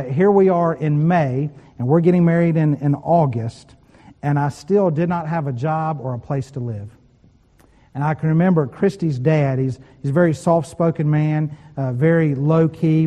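A man's voice: on the high side, muffled recording. Man preaching in a long-reverb hall. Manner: storytelling with quoted voices and laughter. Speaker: pastor. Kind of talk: sermon.

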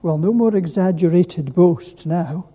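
A preacher delivers a sermon at an unhurried pace, leaning on rhetorical questions and repeated words. The voice is deep-toned and husky. It carries the long reverb of a large hall. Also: warm tone. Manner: asks the listeners rhetorical questions; gives words weight by repeating them. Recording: echoey hall.

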